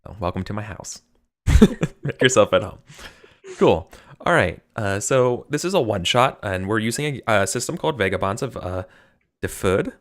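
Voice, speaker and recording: Low-pitched American man, chatty game master hosting a stream, rambles and laughs easily. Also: expressive, normal speed. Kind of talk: casual live-stream game intro.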